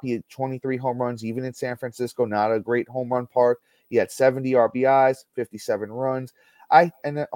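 A man hosting a casual sports podcast, upbeat and reading stats in a steady list. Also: mid-range voice, no room sound. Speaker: podcast host.

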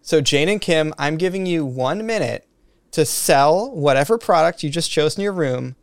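A man's voice: on the high side, animated, moderate pace, dry recording, studio quality. A man hosting a podcast, running a game with a playful announcer manner. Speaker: podcast host.

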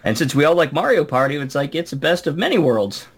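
A man co-hosting a gaming podcast, telling stories about games in a relaxed, rambling way. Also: fairly high pitch, fast talker, husky. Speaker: podcast co-host. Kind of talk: casual gaming chat.

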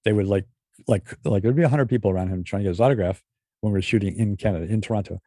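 Husky male comedy writer spinning lively anecdotes, acts out every quote. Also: lowish voice, very fast, no room sound. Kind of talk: casual storytelling.

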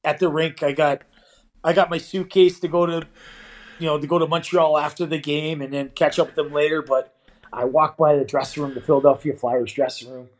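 A man's voice: a little high, brisk, rough recording. A man in his forties from Canada, a former pro hockey player telling stories in an interview, full of "you know" and acted-out dialogue. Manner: animated, acts out quoted dialogue, frequent "you know". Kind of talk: casual storytelling interview.

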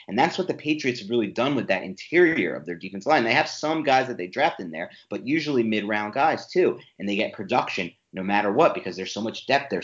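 A man's voice: fairly low pitch, a bit bright. A man co-hosting a sports podcast, laying out an opinionated argument. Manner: opinionated, rapid argumentative breakdown. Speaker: podcast co-host. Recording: roomy, dull sound.

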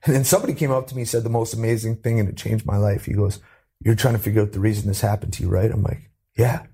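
A low, gravelly man with a husky, dark tone tells his own story in an interview. He is earnest and acts out what others said to him, lifting his voice for the quotes. He is from Canada. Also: steady tone, quick pace. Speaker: interview guest.

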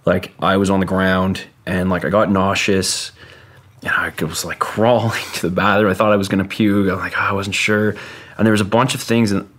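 Brief: man with a very low voice, casual guest storyteller, rambling and halting, swears freely. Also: fairly even intonation, a bit bright.

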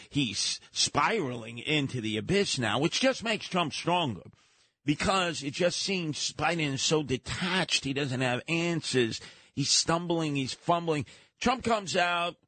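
Guy on a politics talk show, higher voice, short punchy lines, kinda mocking, dry mic. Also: pushed and bright, dry recording. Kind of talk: blunt political opinion chat.

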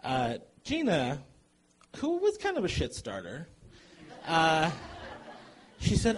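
A man telling a comic true story to a live audience, animated and chuckling as he goes. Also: fairly high pitch, takes it slowly, long pauses, slight background noise.

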